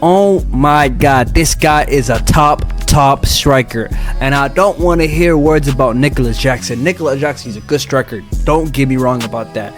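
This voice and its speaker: A young man hosting a casual fan commentary vlog, excitable, with a sing-song delivery and playful repetition. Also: mid-range voice, normal speed, hardly any pauses, over music. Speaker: football channel host.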